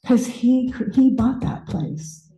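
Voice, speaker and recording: A woman in her fifties giving a personal story sermon, conversational and reflective, with pauses and restarts. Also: a little high, expressive, mellow, reverberant, poor audio. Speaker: speaker at a spiritual center.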